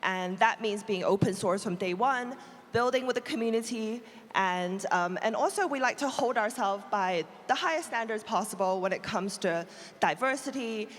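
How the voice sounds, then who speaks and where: A woman's voice: on the high side, moderate pace. A woman introducing her project as a judge on stage, earnest with some fillers. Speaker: company representative, judge. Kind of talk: panel self-introduction. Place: large conference hall stage. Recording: reverberant large hall.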